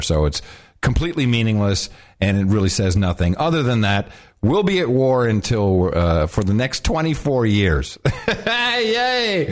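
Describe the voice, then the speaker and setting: A man with a very deep voice cracks sarcastic jokes in casual podcast banter. His pitch jumps around a lot, and he laughs easily. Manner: animated, jokey, quick to laugh, sarcastic. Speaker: podcast co-host.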